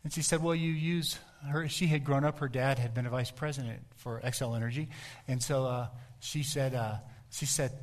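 A man's voice: medium pitch, steady tone, normal speed. Conversational man preaching a sermon. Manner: conversational storytelling preacher, asks the congregation direct questions. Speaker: pastor.

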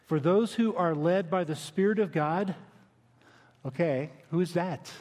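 A man's voice: high-pitched, measured pace. Conversational male pastor in a reverberant hall. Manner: conversational, dynamic preaching with quiet emphatic drops. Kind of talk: sermon. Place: church sanctuary.

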